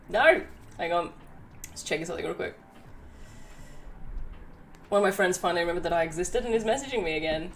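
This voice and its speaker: A woman's voice: lowish voice, a little hiss or hum. A woman hosting a live stream, bubbly and chatty as she greets viewers and narrates community stories. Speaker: livestreamer.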